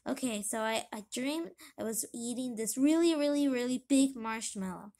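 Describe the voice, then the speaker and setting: A friendly, clueless big male cat from a storybook rambles on happily, as a woman reading aloud puts him on. The voice sits high. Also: normal speed, a little mellow, close to an everyday voice. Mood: chatty. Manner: chatty, rambling.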